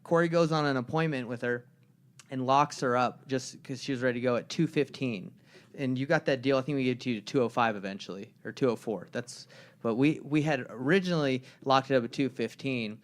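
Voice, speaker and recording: A young man co-hosting a casual podcast conversation. His voice sits at an ordinary middle pitch. He rambles through stories and slips into the voices of the people he describes. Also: fairly quick. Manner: rambling storyteller who acts out the people in his anecdotes. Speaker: podcast co-host.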